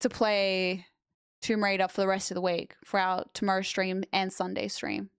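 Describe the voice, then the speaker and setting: A woman's voice: mid-range voice, flat delivery, moderate pace, gravelly, smooth, no room sound. A young woman streamer chatting casually with her viewers and answering chat on a close mic.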